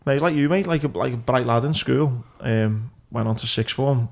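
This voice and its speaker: A man hosting a podcast, relaxed and swearing freely as he chats. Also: medium pitch, moderate pace, vocal fry. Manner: relaxed and sweary, calls people "mate". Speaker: podcast host. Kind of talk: casual chat.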